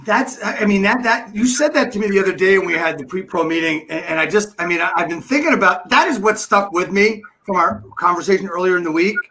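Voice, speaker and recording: A man's voice: high-pitched, fast talker, few pauses, pushed and bright. A man hosting an interview, asking questions eagerly and often stumbling over repeated words. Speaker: podcast host. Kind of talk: interview questions, casual chat.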